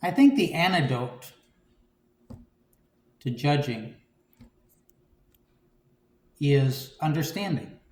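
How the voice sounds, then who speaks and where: A man giving a conversational homily, relaxed and reflective, with frequent "you know" and "um". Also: on the high side, very slow, pauses often, roomy sound. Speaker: preacher.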